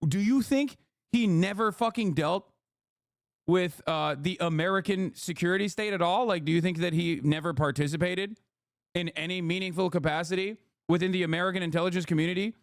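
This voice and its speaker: A man's voice: sits high, brisk, no echo, studio quality. A man in his thirties ranting in casual livestream commentary, heated, profane and incredulous as he reads and answers chat. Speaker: political streamer.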